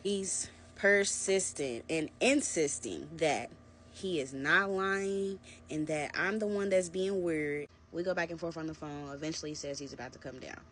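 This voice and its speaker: A young adult woman narrating a personal story to her viewers in a casual, animated storytime vlog. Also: deep voice, normal speed, a little hiss or hum. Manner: animated, conversational storytelling, addressing viewers as "y'all". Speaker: vlogger.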